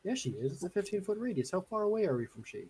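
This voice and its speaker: A man's voice: high-pitched, sing-song, very fast, crowd noise. A man at a tabletop game, arguing rules and planning purchases. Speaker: player. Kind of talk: tabletop role-play chat.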